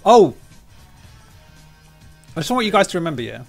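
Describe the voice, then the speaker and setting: A man streaming a fighting game, chatting casually and yelling and swearing at the game as he plays. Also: sits high, moderate pace, creaky, soft background music. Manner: excitable, yells and swears at the game.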